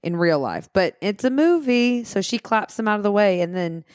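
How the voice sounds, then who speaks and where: A woman's voice: medium pitch, animated, moderate pace, clean tone, no echo, clean studio sound. Playful, giggly woman podcast co-host. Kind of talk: casual movie recap chat.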